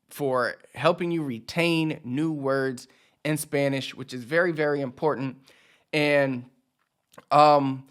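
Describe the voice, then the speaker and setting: Relaxed man teaching on video. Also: on the high side. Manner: relaxed, repeats words slowly for emphasis. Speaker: language teacher. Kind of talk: casual video lesson.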